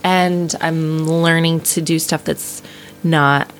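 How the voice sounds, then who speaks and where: A woman's voice: deep voice, steady tone, takes it slowly, slight background noise. A woman comedian in a casual podcast chat, opinionated, often laughing and acting out other people's lines. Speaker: comedian guest.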